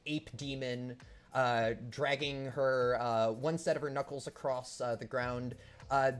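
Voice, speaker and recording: A man's voice: medium pitch, darkish tone. Man game master, casual rambling narration, plain mid voice. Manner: rambling, lots of fillers.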